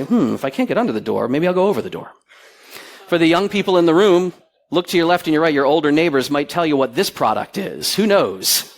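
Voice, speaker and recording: A middle-aged man speaking on stage to a conference audience, his voice sitting a touch high and swinging widely up and down. He tells stories with relish and acts out the quoted voices in them. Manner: animated storyteller, acts out quoted dialogue. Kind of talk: lively conference talk.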